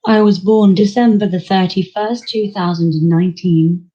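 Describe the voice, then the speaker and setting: A woman's voice: medium pitch, fairly even intonation, normal speed, warm tone, natural voice. A synthetic woman's voice speaking for a female robot with a posh English accent, on dull lo-fi audio. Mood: cheerful.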